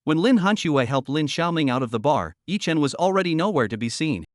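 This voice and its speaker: Male recap narrator, pitched a little high, animated, dry close mic. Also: fairly quick, no room sound. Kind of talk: scripted narration.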